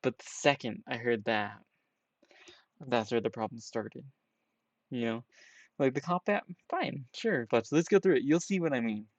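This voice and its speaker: A man's voice: mid-range voice, normal speed, long pauses, muffled recording. A man giving casual, rambling reaction commentary on a game trailer, peppering his talk with "you know" and "right?". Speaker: trailer reviewer.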